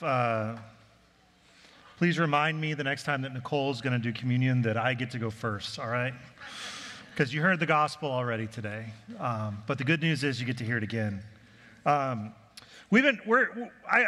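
Bright-voiced pastor preaching in a reverberant hall. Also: male voice, a little high. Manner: earnest and conversational, speaking directly to the congregation. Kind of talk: sermon. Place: church auditorium.

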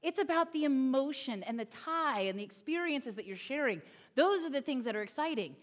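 Lady pastor preaching, funny story, voice jumps around a lot, highish. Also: a little fast. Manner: animated, humorous storytelling with voiced quotes. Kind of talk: sermon.

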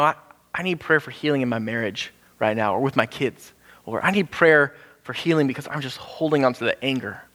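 A man preaching a casual, animated sermon, acting out the people in his story with jumps in pitch. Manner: animated, acts out quoted voices with sudden pitch jumps. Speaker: pastor. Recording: hall with long reverb.

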